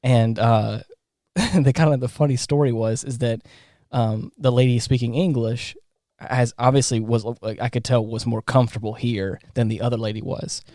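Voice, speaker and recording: A man co-hosts a podcast and tells a story at a relaxed, meandering pace, leaning on fillers and false starts. His pitch sits in an ordinary middle range. The recording is dry and close, with no room sound. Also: normal speed, no echo. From Southern United States. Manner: rambling, with many fillers and restarts. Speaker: podcast co-host. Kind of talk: casual storytelling chat.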